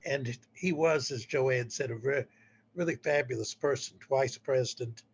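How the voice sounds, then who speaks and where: A man's voice: medium pitch, measured pace, breathy edge, lo-fi sound. A man presenting poems at a poetry society meeting indoors, earnest, often repeating phrases as he starts them. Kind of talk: casual event presentation.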